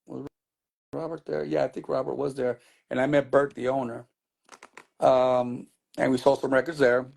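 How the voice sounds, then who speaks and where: A man's voice: mid-range voice, level tone, normal speed, creaky, a little mellow. A middle-aged man, a DJ being interviewed, telling his story in a loose, rambling way with many restarts. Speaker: DJ guest.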